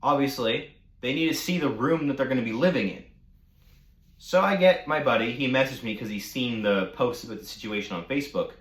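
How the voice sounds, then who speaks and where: Brief: casual male vlogger, mid pitch, mocking, profane, roomy echo. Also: a little fast. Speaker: storytime vlogger. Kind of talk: casual storytelling rant.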